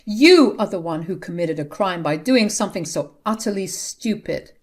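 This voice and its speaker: A woman's voice: lowish voice, lively intonation, moderate pace, a little mellow, natural voice. A woman voicing an exasperated grown son scolding his mother. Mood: angry. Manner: angry, scolding.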